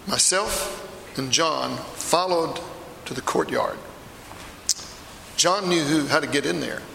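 A man's voice: a little high, slow, gravelly, sharp tone, a little hiss or hum, full character voice. A man performing a first-person dramatic monologue as a remorseful apostle, a middle-aged fisherman telling his story with intense feeling. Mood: earnest. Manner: intense storytelling, swells to anguished outbursts. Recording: echoey hall, long reverb.

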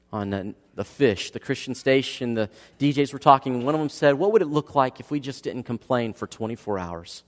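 A male pastor in his thirties giving a dynamic sermon, swinging between hushed and loud passages. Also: medium pitch. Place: church sanctuary. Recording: long reverb of a church hall.

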